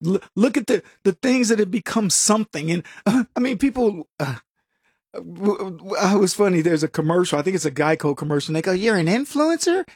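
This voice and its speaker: A man's voice: high voice, fairly quick, breathy edge, no echo, clean studio sound. A man hosting a political talk show, delivering a casual, sarcastic commentary monologue full of restarts and chuckles at his own jokes. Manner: animated and sarcastic, with frequent restarts.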